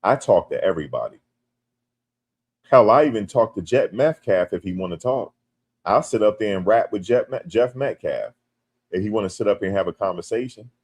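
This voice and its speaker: A man from the United States hosting a casual livestream. He reads viewer comments aloud and jokes back, turning loud and animated when teased. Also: on the low side, moderate pace. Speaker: livestream host.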